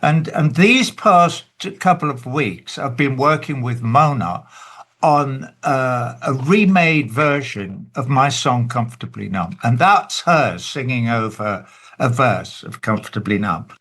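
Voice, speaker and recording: An older man on a video call, a songwriter talking about his song in an unhurried, emotional way. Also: mid-range voice, expressive, a bit bright. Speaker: songwriter guest. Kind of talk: casual talk on a webinar call.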